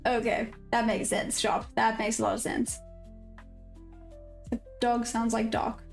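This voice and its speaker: A South African woman with a slightly high voice hosts a live stream in a relaxed, chatty way. She answers her viewers' comments as they come in, over soft background music. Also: unhurried, vocal fry. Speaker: day-trading livestream host. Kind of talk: casual live-stream chat. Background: faint background music.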